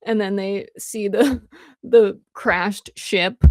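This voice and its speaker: A woman's voice: mid-range voice, slow pace, a little mellow, no room sound, studio quality. A woman hosting a casual chat about a series with her best friend, teasing and laid-back. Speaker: host.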